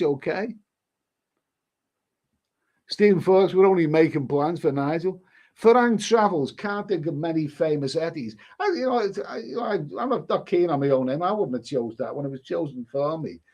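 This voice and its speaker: A middle-aged man chats casually on a live stream, reacting to viewer comments. His voice sits a little high for a man. He rambles, repeats words and often restarts his sentences. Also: expressive, normal speed, a little mellow.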